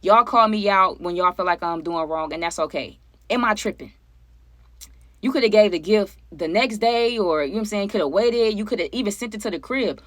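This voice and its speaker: A woman chatting casually to her viewers as she tells a personal story, animated and conversational, often asking them for their opinions. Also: mid-range voice, fairly quick, no room sound. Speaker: storytime vlogger.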